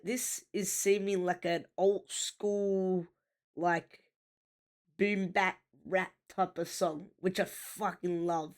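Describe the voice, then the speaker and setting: A woman giving casual, rambling commentary while reacting to a rap song, with many fillers and half-finished thoughts. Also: lowish voice. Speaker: music reaction host.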